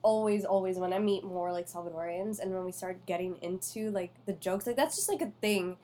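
A woman hosting a casual chat, talking in an animated, chatty way full of fillers. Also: mid-range voice, fairly quick.

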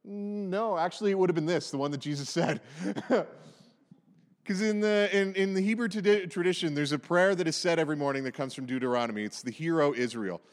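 Male preacher, slightly high voice, chatty and animated sermon delivery, big echoing hall. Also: a little fast. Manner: conversational, animated storytelling with asides.

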